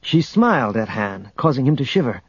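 A man narrating an adventure audiobook in a steady, measured storytelling manner, on a dull lo-fi recording. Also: medium pitch, slightly rough, no room sound. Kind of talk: scripted narration.

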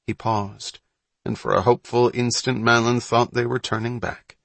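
A man narrating a story in a measured, suspenseful reading. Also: medium pitch, level tone, gravelly, fairly bright tone, no room sound. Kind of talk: audiobook narration.

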